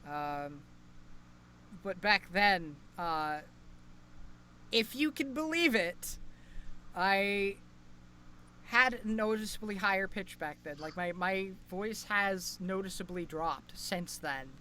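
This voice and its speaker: Young male podcast co-host, bright and tense tone, hesitant chatter, faint hiss behind. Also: high-pitched, animated, slow pace, pauses often. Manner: rambling, hesitant, many fillers and restarts. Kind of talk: casual chat.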